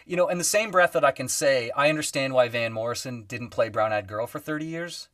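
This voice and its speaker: A man's voice: medium pitch, brisk, no room sound, studio quality, distant mic. A man, a guest musician, telling stories in casual podcast chat, acting out quoted voices with lots of fillers. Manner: animated storyteller, acts out quoted voices, many fillers.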